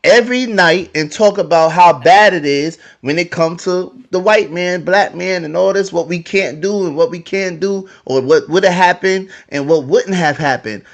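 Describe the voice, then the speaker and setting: A man's voice: high voice, normal speed, few pauses. A man hosting a heated podcast debate, arguing and repeating himself. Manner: argumentative, repeats phrases.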